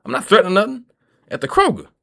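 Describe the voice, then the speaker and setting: This Kentucky vlogger's high-pitched voice swoops wildly, moving quickly with vocal fry and a bright, forceful edge. Streetwise and profane, he rambles through his monologue and keeps checking in with "you feel me."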